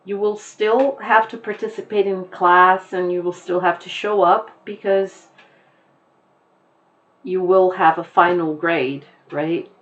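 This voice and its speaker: A woman teacher talks her students through a lesson at a very unhurried pace, with a slightly low voice. She explains patiently and leans on examples. The recording sounds dull and lo-fi, as if made at home for an online class. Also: steady tone, fairly bright tone. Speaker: English teacher.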